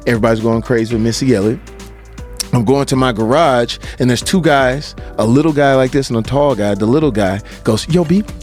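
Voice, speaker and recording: A man in a podcast chat, full of energy as he tells a story, stumbling over repeated words and breaking into laughs. He slips into other people's voices as he quotes them. Soft music sits faintly behind him. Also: medium pitch, fairly quick. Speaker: guest. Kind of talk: animated storytelling.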